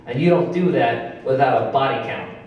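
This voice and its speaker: Stand-up comic in an echoey club. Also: male voice, mid-range voice, normal speed, distant mic, dull audio. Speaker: stand-up comedian. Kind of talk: stand-up storytelling. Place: comedy club stage. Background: audience laughter.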